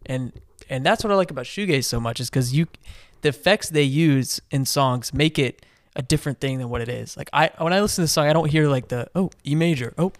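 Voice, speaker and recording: A man's voice: mid-range voice, fairly quick, few pauses, no room sound, studio quality. A man co-hosting a casual podcast about music, talking eagerly and rambling, with lots of restarts and fillers. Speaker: podcast co-host.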